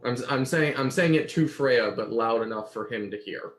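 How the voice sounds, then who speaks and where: A man's voice: medium pitch, moderate pace. Guy player cutting in, stammery, casual. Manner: hesitant, stammering starts. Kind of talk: casual game table chat.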